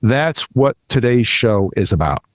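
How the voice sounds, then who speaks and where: Earnest middle-aged host. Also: male voice, mid-range voice, very animated, a little slow, no echo. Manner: earnest, repeats himself, restarts phrases. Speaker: podcast co-host, financial advisor. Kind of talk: casual explanatory talk.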